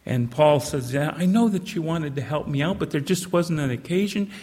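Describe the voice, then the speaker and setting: An old man preaching a sermon, reading scripture in a measured way and breaking into conversational asides. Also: on the high side, expressive, a little mellow, big-room sound. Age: older. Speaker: pastor.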